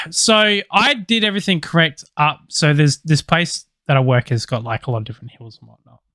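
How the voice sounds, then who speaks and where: A man's voice: on the high side, moderate pace, pushed and bright, no echo, clean studio sound. Sweary guy telling a story. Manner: loose, sweary storytelling with many fillers. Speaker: podcast co-host. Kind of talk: casual chat, storytelling.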